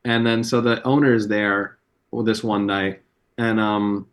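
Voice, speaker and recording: A comedian on a podcast, telling rambling, profane anecdotes with plenty of fillers. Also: male voice, on the low side, steady tone, unhurried, smooth. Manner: loose, profane storytelling with many fillers. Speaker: comedian guest.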